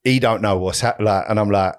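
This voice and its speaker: A man's voice: fairly low pitch, a little fast. A man, co-hosting a podcast, telling a rambling story in casual slang, swearing freely and checking in with "right?" as he goes. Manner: animated anecdote teller, swears freely, leans on "right?" and "yeah?". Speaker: podcast co-host.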